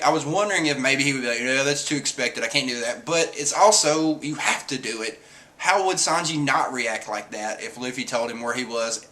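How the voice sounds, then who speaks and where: Excitable bright-voiced man reviewing manga. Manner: excitable, acts out quotes in high voices. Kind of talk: casual spoken review.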